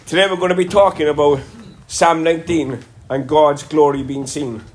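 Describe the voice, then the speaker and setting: A man's voice: a little high, steady tone, moderate pace, a little hiss or hum. A man with a Cork accent preaching a sermon, congested from a sinus infection, earnest with a lilting delivery and some self-deprecating humor. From Ireland. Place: church.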